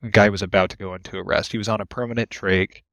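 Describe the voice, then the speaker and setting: Talking fast in a voice on the low side, a young man recounts his ambulance work as an AEMT guest on a casual podcast. He's animated, laughs frequently, and acts out the quotes, and the recording is dry.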